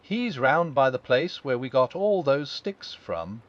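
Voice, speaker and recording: A tiny, timid piglet with a soft, nervous way of speaking, as a male reader does the voice. The pitch moves about more than usual. The sound is dull and lo-fi. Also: very animated, unhurried. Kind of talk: storybook reading.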